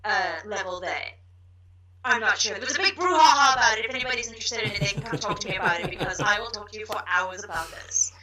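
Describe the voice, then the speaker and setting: A woman's voice: medium pitch, fast talker, crowd noise, poor audio. A woman from South Africa chatting as a guest on a show, gushing with enthusiasm about things she loves. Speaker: podcast guest. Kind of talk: casual chat.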